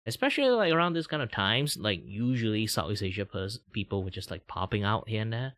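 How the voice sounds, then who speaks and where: A man's voice: fairly low pitch, lively intonation, brisk, a bit bright, dry recording, studio quality. A young man from Malaysia hosting a casual livestream chat, talking in a rambling, filler-heavy way, laughing often and playfully teasing his viewers. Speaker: livestream host.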